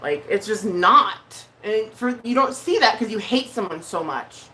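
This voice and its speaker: A woman with a bright, forceful voice talks to her live-stream viewers in a blunt, heated way. She swears freely and hesitates on fillers as she speaks. A faint noise sits behind her. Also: mid-range voice, expressive, a little slow. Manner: emotional, hesitant with many fillers. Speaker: vlogger. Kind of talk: casual live-stream chat.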